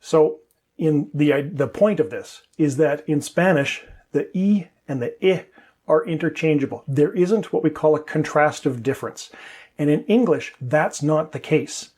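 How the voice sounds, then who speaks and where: Husky-voiced male English teacher. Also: on the high side, unhurried, darkish tone. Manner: patient, step-by-step explaining with demonstrations. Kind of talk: explanatory teaching monologue.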